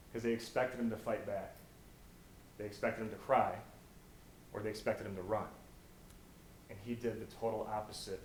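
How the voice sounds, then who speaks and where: A young American man giving an inspirational stage talk, telling stories and swinging from hushed to loud. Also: fairly low pitch. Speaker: motivational speaker. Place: college auditorium. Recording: echoey auditorium, faint noise.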